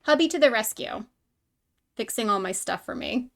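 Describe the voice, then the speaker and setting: A woman's voice: a little high, lively intonation, moderate pace, a bit bright. A woman hosting a live-streamed painting tutorial, talking with her chat in a chatty, bubbly way and laughing often.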